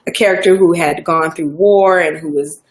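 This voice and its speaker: A woman with a Southern American accent talks in a casual interview. Her voice sits low and she chats loosely, restarting sentences and filling pauses with ums. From Georgia, US South. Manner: relaxed, chatty, many fillers and restarts. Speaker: actor guest.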